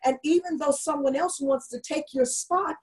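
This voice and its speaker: A woman's voice: high-pitched, normal speed, low-quality recording. A woman leading a church class in an online meeting, telling a story and earnestly exhorting her listeners.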